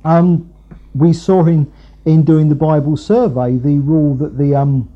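Man preaching, husky and very dark-toned, slightly high voice, dull lo-fi recording, rambling. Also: measured pace. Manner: rambling, many fillers and restarts. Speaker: preacher, Bible teacher. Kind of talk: conversational sermon.

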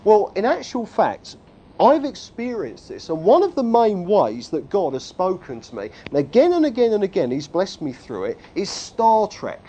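A man preaching a sermon, telling stories with self-deprecating jokes and a lively, animated delivery. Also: sits high, moderate pace, a little hiss or hum. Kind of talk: humorous sermon.

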